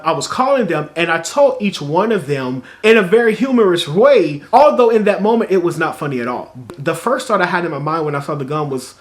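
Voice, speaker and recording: A man vlogger telling a personal story to camera in a chatty, animated way, full of "like"s. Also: a little high. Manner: animated, chatty, filler-heavy with many "like"s.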